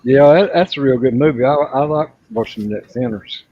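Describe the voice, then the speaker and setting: A man hosting a casual group call, speaking haltingly and repeating his words. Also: medium pitch. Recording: dull dry lo-fi audio.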